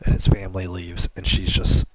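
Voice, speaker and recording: A man's voice: low voice, monotone, brisk, very noisy. A man hosting a gaming channel, making up a long story on the spot, rambling with many restarts.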